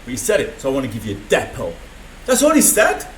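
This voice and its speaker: A man's voice: mid-range voice, wildly swooping pitch, fast, echoey room, slight background noise, poor audio. A man rambling through an unscripted video diary from a room in a mental health hospital, swearing often. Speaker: vlogger.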